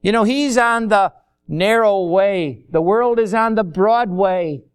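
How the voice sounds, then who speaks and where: A man with a high, smooth voice delivers a sermon at an unhurried, deliberate pace. He talks in a folksy way, slipping into quick everyday dialogues to make his points, and leans hard on the key words. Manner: folksy, acts out little dialogues. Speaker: pastor.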